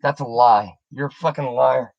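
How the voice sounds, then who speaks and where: A woman's voice: a bass voice, normal speed, vocal fry, darkish tone, dry recording, muffled recording. A woman delivering an angry, profane, confrontational rant on her video channel, taunting the person she is addressing. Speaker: YouTuber.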